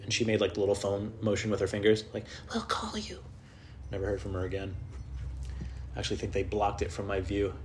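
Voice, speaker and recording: A man's voice: completely flat delivery, quick pace, a little hiss or hum. A man who is a stand-up comedian, talking on his solo podcast at home in an off-the-cuff, self-mocking and profane way, telling rambling comic stories. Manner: jumps into high, loud put-on voices when quoting people.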